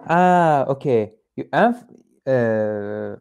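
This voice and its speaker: Adult male English learner, mellow low timbre, hesitant and halting, fillers while he searches for words. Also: animated, clean tone. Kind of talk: one-on-one English lesson.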